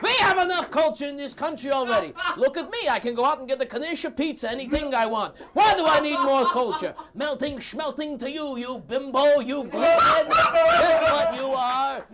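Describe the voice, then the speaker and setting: A man playing a loud, insulting conservative debater in a TV comedy sketch, shouting and mocking with rhymes. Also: very high voice, moderate pace, few pauses, very noisy. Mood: ranting. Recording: studio audience laughing loudly.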